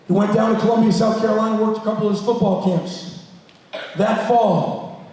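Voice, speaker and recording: A man's voice: high voice, fairly even intonation, fairly quick, a little mellow. A man, a school guidance counselor and coach, telling a motivational story to students and speaking plainly and directly to the audience. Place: large school hall with an audience. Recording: echoey hall, voice from far off.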